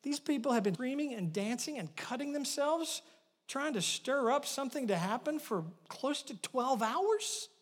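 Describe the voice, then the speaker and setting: A male pastor preaching a sermon, retelling a story with animated swings from loud bursts to hushed asides. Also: very high voice, moderate pace, big-room sound.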